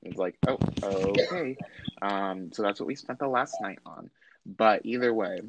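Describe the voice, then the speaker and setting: A man's voice: on the low side, normal speed, creaky, noisy background. A young man telling a story to friends in casual chat, acting out the people he quotes. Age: young adult. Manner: animated, acts out quoted voices.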